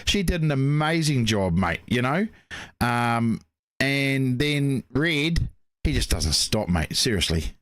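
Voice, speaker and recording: A man's voice: mid-range voice, big pitch swings, slow, a bit bright, no echo, studio quality. A man co-hosting a racing show, telling long rambling stories full of "mate, you know". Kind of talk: casual chat.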